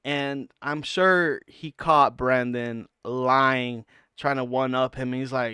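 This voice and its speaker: Smooth-voiced man doing blunt commentary. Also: medium pitch, measured pace, bright, forceful tone, dry recording, studio quality. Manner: blunt, mocking, acts out quotes. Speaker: reaction channel host. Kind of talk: casual commentary on clips.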